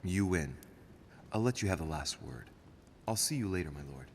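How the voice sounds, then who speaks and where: A man's voice: deep voice, animated, normal speed, vocal fry, a little hiss or hum. An actor playing a cool, dry-witted young nobleman who speaks in an understated, ironic way. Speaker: player character in a story game.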